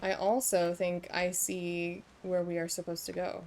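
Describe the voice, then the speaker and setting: A woman's voice: fairly low pitch, flat delivery, measured pace, few pauses, a little mellow, slight background noise. A woman streaming a video game, chatting to herself and her viewers and reading the game's lines aloud. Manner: chatty, muses aloud, reads game text. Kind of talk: casual gameplay chat. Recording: faint game music behind.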